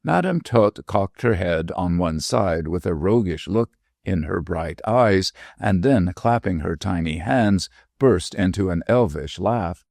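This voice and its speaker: A man narrating an audiobook in a measured storytelling manner. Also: deep voice, animated, gravelly, darkish tone, no room sound, clean studio sound. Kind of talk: scripted narration.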